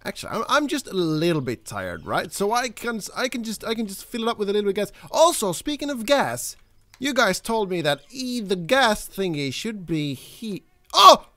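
A young man hosting a let's play, talking through his game, excitable and quick to swear and yell at the characters. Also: high voice, no room sound. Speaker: gaming channel host.

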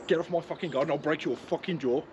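A man, an angry homeowner shouting threats and swearing at people in his front garden. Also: on the high side, fast talker, lo-fi sound. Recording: noisy outdoor ambience.

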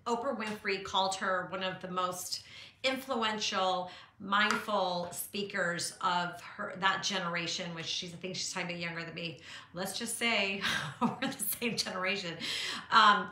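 A middle-aged woman art teacher chats live from her studio, her voice very bright and ringing. She gushes warmly and encouragingly at her viewers, with lots of ums along the way. The room adds a noticeable echo. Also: medium pitch, a little hiss or hum. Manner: warm, gushing, encouraging; chatty with frequent fillers. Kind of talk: casual live-stream chat.

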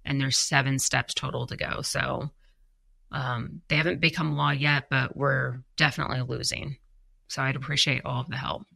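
A young woman co-hosts a podcast in a chatty, self-deprecating way, laughing as she goes. Her voice is heavily gravelly with a bright edge. She sounds tired, and the recording is dry and close. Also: extremely low pitch, little pitch movement, normal speed, dry recording. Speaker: podcast co-host. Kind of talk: casual chat reading viewer comments.

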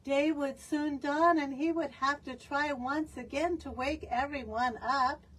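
Woman, children's storytime reader, expressive, high voice, slow pace. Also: distant mic, a little hiss or hum. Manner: expressive, asks the listening children questions. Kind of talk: storytime read-aloud.

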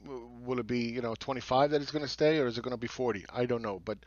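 A man's voice: medium pitch, fast talker, darkish tone, dull audio. A man giving a blunt market commentary monologue, sarcastic and swearing, who mocks other people's views. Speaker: market analyst.

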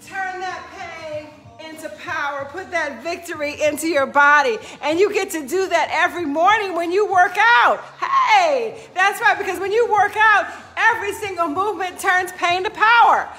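A woman fitness coach giving an energetic, emphatic motivational pep talk, laughing often and whooping. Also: extremely high pitch, moderate pace, hardly any pauses. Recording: roomy echo.

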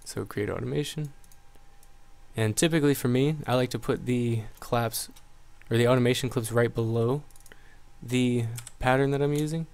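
A man's voice: medium pitch, normal speed, creaky. A man running a casual live-stream tutorial on making electronic music, thinking aloud as he works and chatting with viewers. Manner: relaxed, thinks aloud while working, greets chat. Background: loud electronic music playing back.

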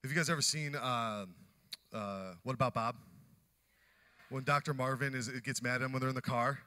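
A man preaching a sermon, animated, acting out the scripture characters as he teaches. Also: mid-range voice, brisk. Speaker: pastor.

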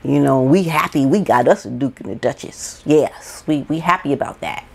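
A woman's voice: normal speed, heavily acted. Woman whispering as a gushing royal fan. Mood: mock gushing. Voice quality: low breathy whisper. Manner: sarcastic, gushing. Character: mock-adoring American fan of royalty, woman.

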